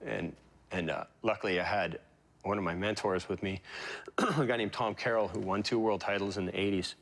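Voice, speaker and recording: A man with a fairly low voice recalls his past as an interview guest. He talks in a halting, emotional way, stopping and restarting often with fillers. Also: steady tone, vocal fry, fairly bright tone. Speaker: interview guest, pro surfer. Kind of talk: reflective interview storytelling.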